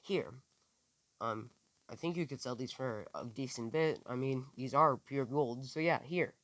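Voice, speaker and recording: A man's voice: medium pitch, unhurried, a bit bright. Man doing a goofy teen boy ninja. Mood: casual. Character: cheerful goofy teenage boy ninja hero.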